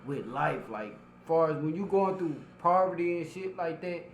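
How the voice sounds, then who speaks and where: A man's voice: on the high side, animated, moderate pace, roomy sound, a little hiss or hum. A man co-hosting a casual podcast while he has the hiccups, talking loosely and profanely and repeating himself. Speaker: podcast co-host.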